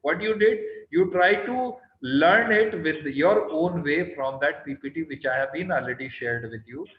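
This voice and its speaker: A man's voice: fairly high pitch, animated, moderate pace. Stern Indian man teaching online. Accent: Indian English. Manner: quizzes students by name, keeps asking "right?"; stern, scolds students on tone. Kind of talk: online class lecture. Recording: roomy, dull online call audio.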